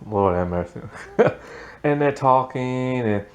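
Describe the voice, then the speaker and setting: A man's voice: medium pitch, lively intonation, slow. A man giving a casual, rambling recap of a TV episode, peppered with "like" and laughing at the plot. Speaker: TV show reviewer.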